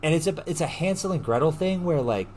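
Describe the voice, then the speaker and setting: A man hosting a podcast, retelling a story in a casual, animated way, full of slang and swearing. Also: a little high, fast, slight background noise. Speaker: podcast host. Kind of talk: casual chat.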